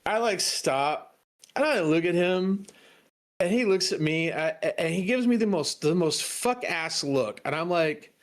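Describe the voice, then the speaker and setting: A man's voice: high voice, lively intonation, a little slow. A man guest on a stream, telling a laid-back story with swearing and frequent laughs. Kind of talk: casual chat on a stream.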